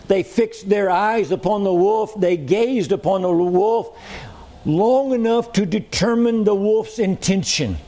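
Slow, emphatic preaching man. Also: a little high, darkish tone. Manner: slow, emphatic preaching with repetition and rhetorical questions. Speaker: pastor. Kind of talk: sermon. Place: church hall with a congregation.

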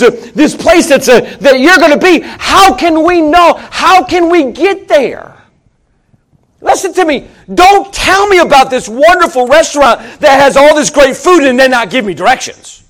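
High, lively-voiced male preacher. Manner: conversational, jokey preaching with sudden loud outbursts. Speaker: pastor. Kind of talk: sermon.

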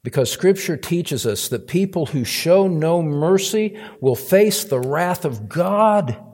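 A man's voice: a little high, lively intonation, slow, a little mellow, slightly rough. A male pastor preaching a sermon, emphatic, climbing to stressed points and repeating words for weight. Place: church sanctuary.

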